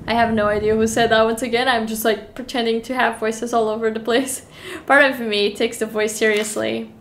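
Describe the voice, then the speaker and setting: A young woman streaming a horror game, reading the text aloud with animated, giggly reactions between stretches of calm narration. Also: a little high, normal speed. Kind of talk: reading a horror visual novel aloud while playing.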